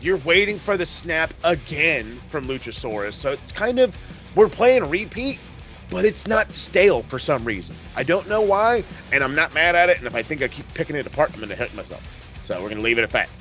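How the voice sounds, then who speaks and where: A man's voice: a little high, big pitch swings, fairly quick, a bit bright, soft background music. A man hosting a podcast, recapping wrestling in casual, profane, rambling chat. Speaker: podcast host.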